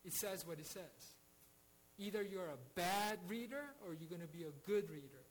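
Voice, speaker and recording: A man's voice: high-pitched, moderate pace, poor audio. A man teaching a Bible study in an earnest way, with frequent restarts and rhetorical questions.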